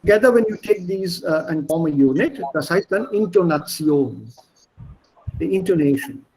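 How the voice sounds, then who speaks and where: A middle-aged Indian-accented language teacher speaks with a fairly high, animated, slightly mellow voice at normal speed. He's teaching an online class over a video call, explaining at length, repeating himself, and spelling words aloud. The low-quality recording has slight background noise.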